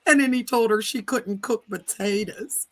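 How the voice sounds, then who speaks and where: A woman hosting a livestream, chatting and gossiping in an animated, teasing way. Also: a little high, normal speed. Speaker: livestream host. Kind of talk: casual gossip chat. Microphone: livestream setup.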